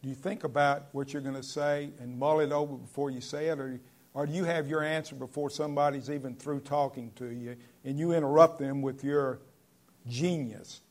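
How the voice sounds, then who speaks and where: A man preaching a sermon in an earnest, conversational way, with sudden loud stresses on key words. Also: mid-range voice, fairly even intonation, moderate pace. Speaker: pastor.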